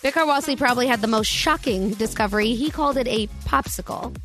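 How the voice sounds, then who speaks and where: Woman radio co-host, high and bright, upbeat news brief. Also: quick pace, faint music behind. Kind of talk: morning show news brief.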